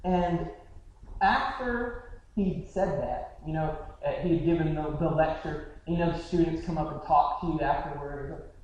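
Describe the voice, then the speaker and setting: A man's voice: on the high side, unhurried, dull audio. A male pastor preaching a sermon in an earnest, conversational way, often restarting his phrases. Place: church sanctuary. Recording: very echoey hall, mic far off.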